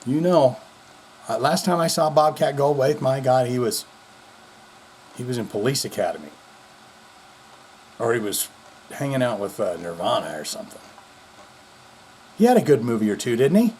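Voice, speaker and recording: A man's voice: mid-range voice, lively intonation, moderate pace, long pauses, a little mellow, slight background noise. Goofy, rambling male vlog host. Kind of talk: casual vlog commentary.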